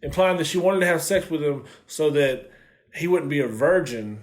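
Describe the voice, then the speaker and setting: A man with a slightly high voice co-hosts a casual TV review. He recaps scenes in a loose, profane way and slips into the characters' lines as he tells them. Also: expressive, moderate pace. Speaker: co-host reviewing a TV series. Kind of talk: casual chat.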